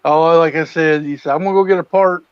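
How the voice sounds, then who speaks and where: A man co-hosting a casual livestream, calmly reassuring a friend and laughing a lot. His voice sits a little high, and the sound is dull and lo-fi. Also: quick pace, smooth, no echo. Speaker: co-host.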